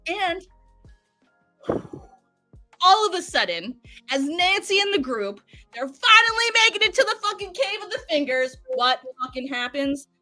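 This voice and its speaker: Excitable foul-mouthed woman storyteller. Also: very high-pitched, a little slow, no room sound, faint music behind. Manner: profane, excitable, acts out quotes. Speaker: podcast guest. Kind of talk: animated recap storytelling.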